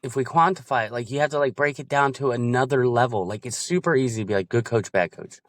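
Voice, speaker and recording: A man's voice: medium pitch, quick pace, no room sound, clean studio sound. A man in casual chat about coaching, explaining animatedly and acting out examples in different voices.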